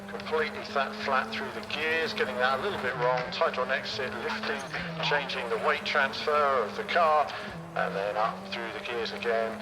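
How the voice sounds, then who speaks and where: A man streaming a rally game, calmly talking through each corner as he drives. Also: medium pitch. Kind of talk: driving commentary. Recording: loud rally car engine noise.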